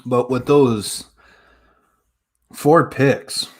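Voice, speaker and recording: A man's voice: medium pitch, very slow, husky. Hyped young man hosting a sports stream. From Detroit area, US. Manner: hyped, talks straight to viewers with fillers. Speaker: sports live stream host. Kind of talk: casual live stream chat.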